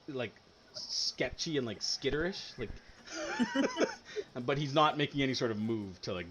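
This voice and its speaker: A man's voice: mid-range voice, slight background noise. A man narrating a tabletop game as game master, rambling with lots of ums and likes.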